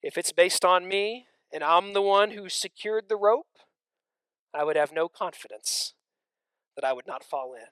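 A man preaching a sermon, swinging between loud emphatic stretches and hushed near-whispers, with conversational asides to the congregation. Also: sits high, measured pace, smooth, no room sound.

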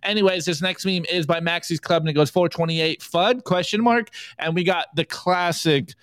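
A man's voice: a little high, normal speed, fairly bright tone, dry recording. A man co-hosting a live podcast, running a casual meme review and joking as he reads the memes aloud. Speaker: podcast co-host.

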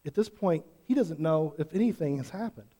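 A man's voice: a little high, expressive, a little fast, dark tone. A pastor preaching an earnest sermon to his congregation, pressing them with repeated questions. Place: church sanctuary. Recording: long hall reverb.

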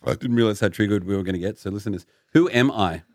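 A man's voice: fairly low pitch, rapid-fire, no echo, clean studio sound. A man hosting a casual podcast chat, playfully quizzing his co-hosts. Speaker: podcast host.

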